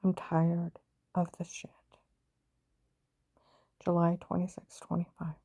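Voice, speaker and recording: A woman's voice: lowish voice, completely flat delivery, slow pace, dark tone, husky, no room sound. An older woman giving an urgent, rambling personal account of her own experiences. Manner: intense, urgent storytelling. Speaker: vlogger telling her own story.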